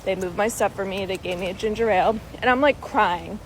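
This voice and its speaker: A young pregnant woman telling a casual storytime vlog, chatty and expressive, swearing freely. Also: medium pitch, a little fast, a little hiss or hum, low-quality recording. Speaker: vlogger.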